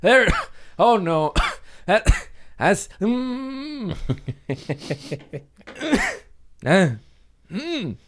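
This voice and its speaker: A man's voice: high voice, big pitch swings, very slow, pauses often, fairly bright tone, slight background noise. A young man hosting a casual solo podcast, rambling and profane, often laughing at his own jokes. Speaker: podcast host.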